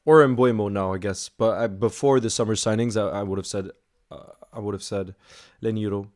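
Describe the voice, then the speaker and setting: A young man chatting casually through a live football watch-along and answering viewer messages, bursting into excited shouts at big moments. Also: on the low side, a little fast. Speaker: football streamer reacting live.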